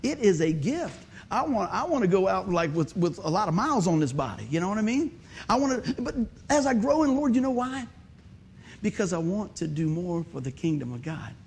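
A man's voice: sits high, sing-song, fairly quick, darkish tone, slight background noise. A man preaching a sermon, telling a folksy story and joking with the congregation. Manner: folksy, conversational, joking with the audience.

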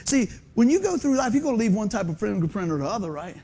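Animated high-voiced pastor. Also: male voice, quick pace, creaky, breathy edge. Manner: animated, swings from hushed to excited exclamations. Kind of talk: lively storytelling sermon.

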